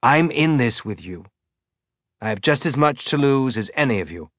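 A male audiobook narrator voicing a big, stocky man who pleads earnestly and urgently for calm. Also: medium pitch, moderate pace, dry recording, clean studio sound.

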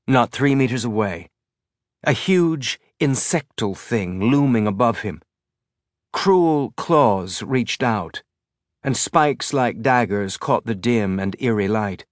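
Male audiobook narrator, measured tense reading, dry close mic. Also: mid-range voice, no echo. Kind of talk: scripted narration.

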